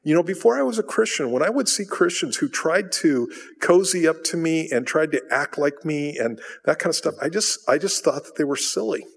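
A man's voice: fairly high pitch, expressive, a little fast, gravelly, few pauses, slightly rough. A man preaching a sermon as a pastor, emphatic, asking rhetorical questions and answering them himself. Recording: long reverb of a large hall.

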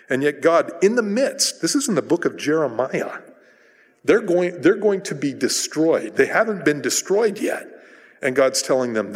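Conversational preacher in a reverberant hall. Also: male voice, a little high, slightly rough. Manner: conversational, animated storytelling with frequent restarts. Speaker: pastor. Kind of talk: sermon.

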